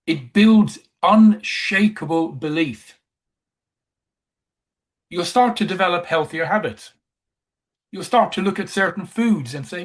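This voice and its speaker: A man's voice: high voice, slow, long pauses. A man giving a coaching presentation, emphatic, who repeats key phrases.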